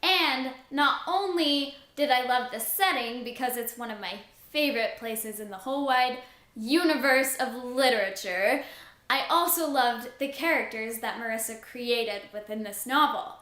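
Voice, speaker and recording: A young woman chats through a casual book review vlog, gushing and excitable with lots of "like". Her voice sits high and bright. She takes her time, and the room around her rings with echo. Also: measured pace. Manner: gushing, excitable, says "like" often.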